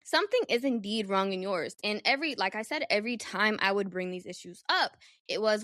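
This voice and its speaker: A young adult woman hosting a solo podcast, telling a personal story in a candid, animated, profane way. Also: mid-range voice, a little fast, no echo, studio quality. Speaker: podcast host.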